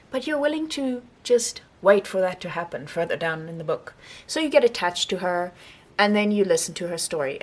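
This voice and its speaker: Young woman, book vlogger, casual reading wrap-up, chatty, rambling, animated, middle pitch.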